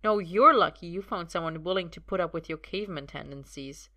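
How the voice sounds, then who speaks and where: A woman's voice: lowish voice, fairly quick, bright, forceful tone. A woman reading aloud, voicing a young male sorcerer who is weakened but stubborn, talking in a strained, joking way. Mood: weak wry. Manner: joking and strained, a little breathless. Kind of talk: audiobook reading.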